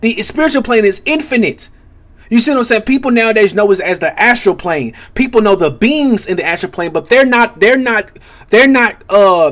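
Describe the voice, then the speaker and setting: High-voiced young man, halting rambling talk. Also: a bit bright. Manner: halting, many restarts, keeps asking "you see what I'm saying". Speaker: content creator. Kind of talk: rambling spiritual commentary monologue.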